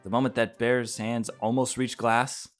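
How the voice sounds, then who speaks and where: A man's voice: mid-range voice, little pitch movement, moderate pace, soft background music. A man reading a visual novel aloud, narrating in a plain storybook manner.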